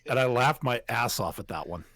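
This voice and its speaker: An easygoing man co-hosting a podcast, chatting casually and agreeing along. His pitch moves in a lively way, and the recording is dry and close. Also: brisk, dry recording. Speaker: podcast co-host. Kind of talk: casual chat.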